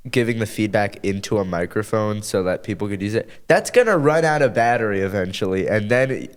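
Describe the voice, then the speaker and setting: A young man co-hosting a podcast in casual chat, talking haltingly with many fillers and restarts. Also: lowish voice, clean tone. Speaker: podcast co-host.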